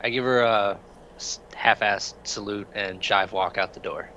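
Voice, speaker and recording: A man's voice: lowish voice, steady tone, unhurried, pushed and bright, muffled recording, a little hiss or hum. A man playing a tabletop game, joking and playful. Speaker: player.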